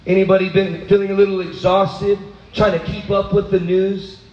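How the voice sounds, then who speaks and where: A man preaching a sermon, animated, swinging from low asides to high, exclaiming bursts. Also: moderate pace, reverberant, dull audio.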